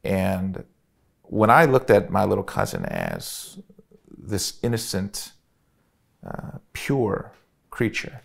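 A middle-aged man telling a personal story in an interview, earnest and reflective, with frequent pauses and restarts. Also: low voice, wildly swooping pitch, creaky, breathy edge. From Chicago, USA.

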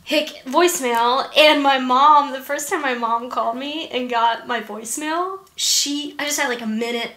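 High, bright giggly young woman. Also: normal speed, few pauses. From Georgia, US. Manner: giggly, self-mocking storyteller. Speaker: guest actress. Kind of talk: casual interview chat. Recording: roomy, echoey room.

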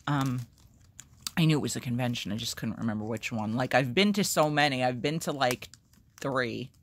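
A woman vlogger talks to her phone camera at home while opening mail. She rambles cheerfully and gets excited over each little gift. Now and then she turns the jokes on herself. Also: a bass voice, moderate pace, slight background noise. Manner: self-deprecating humor. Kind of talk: casual chat to camera.

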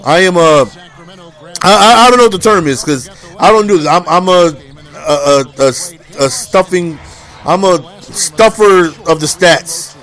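A man's voice: high-pitched, measured pace, a bit bright. A man giving casual, playful video game commentary, boasting and joking, with lots of repeated phrases. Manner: repeats phrases, frequent "you know what I'm saying". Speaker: gameplay commentator.

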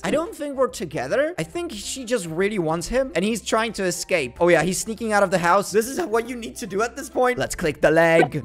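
A young man giving playful, jokey commentary while playing a video game. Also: on the high side. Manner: animated, jokey, speaks for the player character. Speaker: gaming video host.

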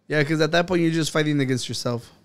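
A man's voice: a little high, fast talker, smooth. Joking male podcast co-host. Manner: joking, laughs often. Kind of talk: casual chat.

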